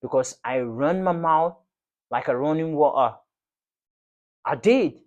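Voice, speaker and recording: A man's voice: a little high, slow, long pauses, darkish tone, dull audio. A man talks straight to the camera as the host of a football fan channel. He rants with passion and leans on slang. He hammers the same phrases over and over for emphasis. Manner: passionate, ranting, repetitive, slangy. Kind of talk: fan reaction rant to camera.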